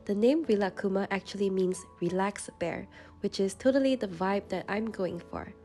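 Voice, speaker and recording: Young woman w a stuffy nose, calm gentle voiceover, mellow warm tone, faint music behind. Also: mid-range voice, moderate pace. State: congested from a runny nose. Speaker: journaling channel host. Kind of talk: voice-over narration. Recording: soft music in the background.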